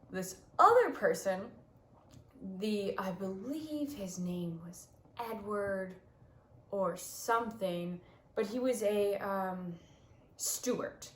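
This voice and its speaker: A woman's voice: mid-range voice, takes it slowly, long pauses. A young woman hosting a casual, tipsy home-made history retelling, rambling and often losing her place with lots of fillers. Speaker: host. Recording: echoey room.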